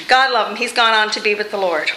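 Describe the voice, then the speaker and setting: A woman preacher giving a conversational, expressive sermon with touches of humor in a church. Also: on the high side, heavy background noise. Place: church sanctuary. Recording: echoey room.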